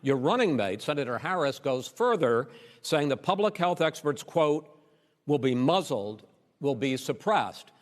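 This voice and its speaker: A man moderating a televised debate, firm and measured as he presses his questions. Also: on the high side, sing-song. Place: large debate hall. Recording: long hall reverb.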